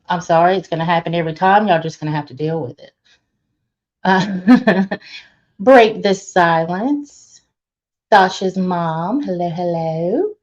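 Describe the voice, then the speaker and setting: A woman's voice: fairly low pitch, unhurried, pauses often, a little mellow. A woman hosting a casual live stream, greeting viewers one by one and laughing often. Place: laundry room. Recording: dull lo-fi stream audio.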